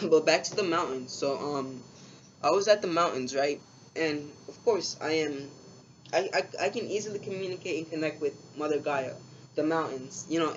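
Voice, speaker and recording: A young man casually rambling through a spiritual story, in laid-back, slangy talk full of swearing and fillers. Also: fairly high pitch. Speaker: spiritual vlogger. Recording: dull lo-fi sound with faint background hiss.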